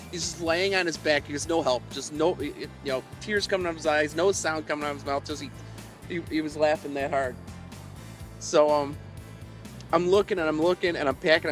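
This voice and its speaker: Guy rambling fishing stories on a live stream outside, kinda high voice, keeps chuckling, faint music behind. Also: fairly bright tone. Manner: chuckling, meandering, self-mocking. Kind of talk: rambling storytelling to a live chat. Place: outdoors by the water while fishing.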